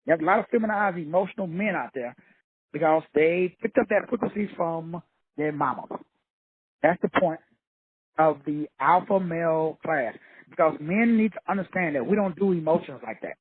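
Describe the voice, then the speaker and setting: Husky high-voiced man preaching bluntly. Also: moderate pace, no room sound. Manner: preachy, blunt and profane, repeats points for emphasis. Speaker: motivational teacher. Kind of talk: fiery motivational lecture. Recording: tinny phone-like dry sound.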